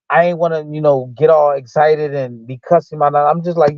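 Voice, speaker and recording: A man with a higher voice tells a long story from his fighting days, acting out each person's lines. His speech is loose, full of fillers and restarts. The sound is dull and lo-fi, and very dry. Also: fast, few pauses, no echo. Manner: animated retelling that acts out quoted dialogue. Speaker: guest, former boxer. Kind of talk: casual storytelling.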